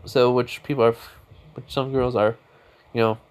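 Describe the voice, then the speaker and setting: A man with an average pitch who tells an improvised fan story off the cuff. He rambles and stops himself often, and his sentences are full of fillers. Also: little pitch movement, moderate pace, a little mellow.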